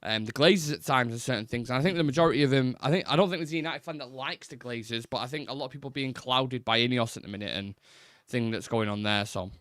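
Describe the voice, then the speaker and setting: A man's voice: medium pitch, quick pace, a bit bright, no room sound. Man, football fan host, casual live-stream chat, blunt and sweary, dry close mic. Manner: blunt, swears freely, rambling restarts.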